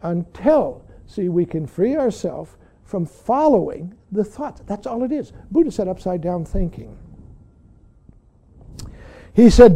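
A man's voice: high voice, big pitch swings, measured pace, gravelly, dark tone, husky. An older man, a Zen teacher, giving an earnest dharma talk that keeps returning to "see". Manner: earnest, frequently says "see".

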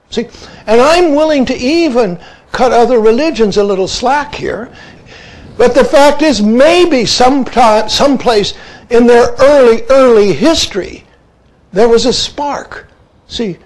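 Zen teacher guy, fairly high voice for a man, emphatic dharma talk, keeps saying "see". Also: a little mellow, rough recording. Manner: emphatic, repeats "see" as a verbal tic.

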